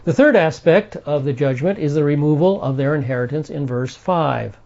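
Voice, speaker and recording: Male Bible teacher, slightly high voice, explanatory, repeats key points, muffled lo-fi recording. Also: moderate pace, creaky, few pauses, darkish tone. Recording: dull lo-fi recording.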